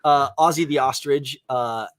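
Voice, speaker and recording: A man's voice: mid-range voice, unhurried, a crowd in the background. A young man talks movies with friends, eager and rambling, his delivery full of fillers. He sounds like a podcast host who gets carried away with his opinions. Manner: enthusiastic, rambling, lots of fillers. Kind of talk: casual movie review chat.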